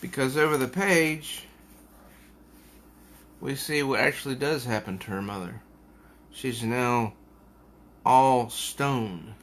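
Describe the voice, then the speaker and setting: A man reviews a comic book in a relaxed, unhurried way and reads passages aloud as he goes. His voice is bright and forward, and he often pauses to think mid-sentence. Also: medium pitch. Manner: unhurried, musing, with hesitations.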